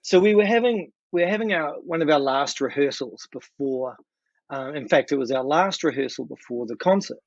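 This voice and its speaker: Animated New Zealand man telling a story. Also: fairly high pitch, normal speed, no echo. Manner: lively, animated storytelling with swearing. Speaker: guest musician. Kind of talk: casual storytelling. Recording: dry, dull lo-fi sound.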